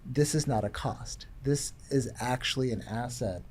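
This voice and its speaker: A man speaking as a guest in a panel discussion about tech and economics, thoughtful and halting, with frequent restarts and fillers. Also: mid-range voice, darkish tone, a little hiss or hum.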